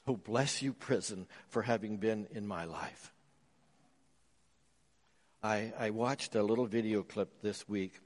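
Man preaching in a reverberant hall. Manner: storytelling, swinging between loud emphasis and soft, low asides. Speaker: pastor. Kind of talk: sermon. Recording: long reverb of a large hall.

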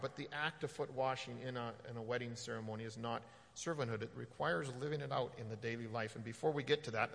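A man preaching in a loose, conversational way, with a gravelly edge to his voice and frequent ums and restarts. His words ring out with a long hall reverb behind them. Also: mid-range voice, fairly bright tone. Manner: conversational, halting with fillers and restarts. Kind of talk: sermon.

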